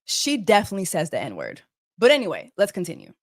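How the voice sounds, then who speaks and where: A woman's voice: lowish voice, wildly swooping pitch, fast talker, no echo, clean studio sound. A woman hosting a casual commentary video, emphatic and profane, repeating her points. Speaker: host.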